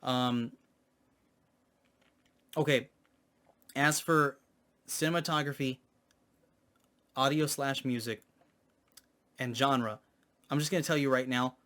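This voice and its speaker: A man's voice: medium pitch, fairly even intonation, measured pace, pauses often, a bit bright. A man giving a casual spoken movie review, hesitant, with many ums and restarts.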